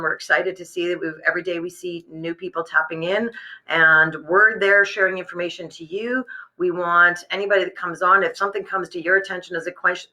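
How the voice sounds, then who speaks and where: A woman hosts a live business webcast from her home workspace. Her voice is very bright and sharp, and her talk is chatty and rambling, full of fillers and restarts. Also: on the low side, low-quality recording. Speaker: host.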